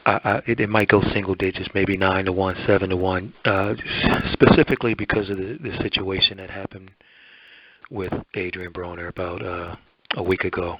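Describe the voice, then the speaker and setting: A hoarse man hosting a boxing interview show, talking in a halting, rambling way. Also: sits low, fairly even intonation, noisy background. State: hoarse, voice almost gone. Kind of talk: radio-style interview and commentary. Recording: dull lo-fi dry recording.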